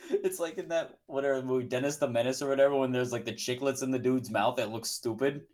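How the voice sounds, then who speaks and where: A man in a relaxed podcast chat among friends, dropping quick jokes and wisecracks. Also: medium pitch. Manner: joking, throws in wisecracks. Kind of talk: casual chat.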